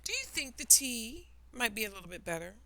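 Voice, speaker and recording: A woman's voice: fairly high pitch, very animated, fairly quick, sharp tone, voice pushed up, full character voice. A woman voicing a rude, grumbling male hatter in a storybook. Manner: grumbling, sighing. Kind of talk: children's storybook reading.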